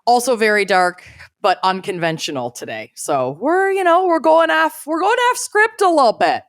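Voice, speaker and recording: A woman co-hosting a casual podcast, chatty and jokey with an animated delivery, on a close mic. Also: fairly high pitch, moderate pace, no echo. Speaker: podcast co-host.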